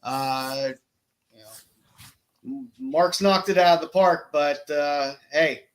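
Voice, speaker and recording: A man's voice: a little high, slow. A man hosting a casual podcast, plugging projects and thanking his guest in an easygoing way. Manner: easygoing, wraps up the show with plugs and thanks. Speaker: podcast host. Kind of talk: casual chat.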